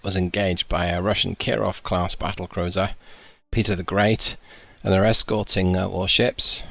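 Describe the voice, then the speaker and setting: A man's voice: on the low side, creaky, a bit bright, no echo. A man commenting on a game, reading briefings aloud and adding dry, sarcastic asides. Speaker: gaming YouTuber. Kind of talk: casual gameplay commentary.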